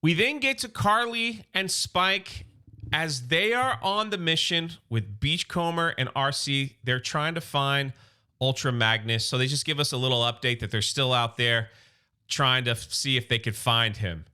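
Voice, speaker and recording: A man casually recapping a comic book story for his channel, excitable and loose, with quick asides. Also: medium pitch, clear, resonant tone.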